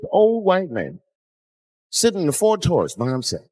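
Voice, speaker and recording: A man's voice: sits high, huge pitch swings, moderate pace, dark tone. A man telling a long, profane story on stage as a stand-up comedian.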